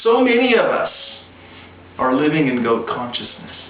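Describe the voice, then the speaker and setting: Man slowly telling a spiritual parable, far from the mic, echoey room, faint noise behind. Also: a little high, very animated, phone-quality sound. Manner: slow, deliberate, with restarts and pauses. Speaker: spiritual storyteller. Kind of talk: told parable, spiritual teaching.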